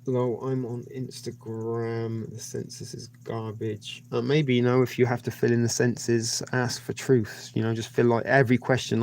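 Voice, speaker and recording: A man's voice: mid-range voice, flat delivery, moderate pace, few pauses, a little mellow, slight background noise. A man hosting a livestream, rambling casually with many hesitations. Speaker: livestream host.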